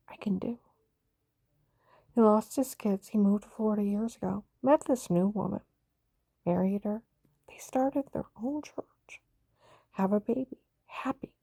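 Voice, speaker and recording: An older woman with a gravelly, dark-toned voice tells her own story in an intense, urgent way. Her account rambles from one thing to the next, recorded close and dry with no room sound. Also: mid-range voice, dry recording.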